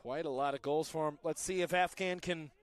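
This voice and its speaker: A man calls a local soccer match in a high, light voice. He keeps up a friendly patter with joking asides and lifts his energy whenever play nears the goal. Traffic can be heard from the roads around the field. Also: brisk, clear, resonant tone. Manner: chatty, joking asides, rising excitement on attacks. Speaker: play-by-play commentator. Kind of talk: live soccer commentary.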